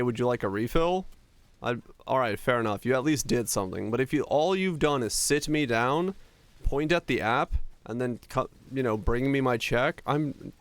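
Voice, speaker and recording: A man's voice: medium pitch, no room sound. A young man live-streaming from home, ranting in an easygoing, profane way to his viewers. His voice sits mid-range and comes across close and dry, with no room sound around it. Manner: ranting, swears freely, chats with viewers. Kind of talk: casual live-stream chat.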